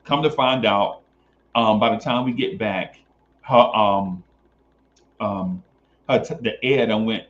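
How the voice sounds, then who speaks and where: A man's voice: fairly low pitch, takes it slowly, long pauses, highs cut off. A man casually telling a long story on a podcast, swearing and acting out the other voices. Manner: animated, swears, acts out voices.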